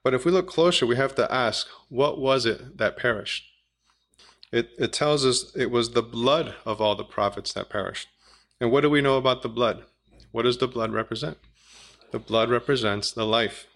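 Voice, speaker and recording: A man's voice: medium pitch, creaky, fairly bright tone. A man teaching a Bible study, methodically reading scripture passages aloud and explaining them. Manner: methodical, reads scripture aloud in King James wording.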